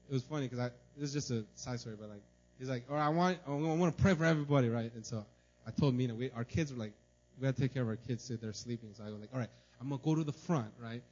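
A man preaching a sermon in a church, telling a personal story in an animated way and often asking "right?". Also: medium pitch. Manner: animated, tells stories, repeats "right?". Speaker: pastor. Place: church service. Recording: dull lo-fi recording.

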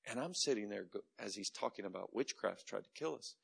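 A middle-aged man preaching a sermon as a pastor, telling a story dramatically and moving between loud and hushed delivery. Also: on the low side, animated, a little fast, creaky, husky.

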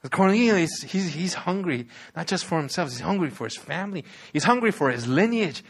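A man's voice: sits high, lively intonation, fairly quick, slightly rough. A man preaching a sermon, telling the story with animation and asking the audience rhetorical questions.

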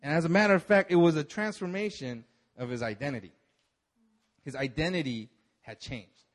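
A man preaching a sermon with animated, chatty storytelling, his voice sitting fairly high for a man. He keeps the tone conversational and acts out the people in his story. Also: moderate pace. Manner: animated storytelling, acting out biblical figures with laughs. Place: church service.

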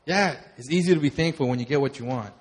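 A young adult man preaching a sermon, talking conversationally, with animated storytelling and laughter. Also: mid-range voice, fast, slightly rough. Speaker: pastor.

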